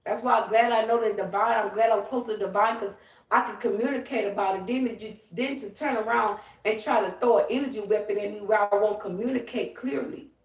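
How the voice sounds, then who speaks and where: A woman's voice: mid-range voice, fairly even intonation, brisk, far from the mic. A woman ranting on a livestream, profane, emphatic and confrontational. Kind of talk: livestream rant. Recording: roomy, away from the mic.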